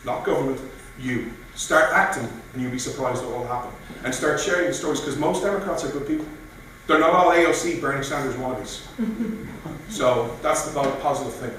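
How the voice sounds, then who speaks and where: A man giving an animated speech at a political meeting, telling stories and acting out quoted voices. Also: medium pitch, fairly quick, slight background noise. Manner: animated, storytelling with mock voices. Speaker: guest speaker. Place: meeting room. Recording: echoey room from far off.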